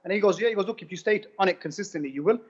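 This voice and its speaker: A man giving an animated testimonial, retelling conversations in a rapid, repetitive way. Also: high voice, husky. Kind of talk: animated personal storytelling. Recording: dull lo-fi recording.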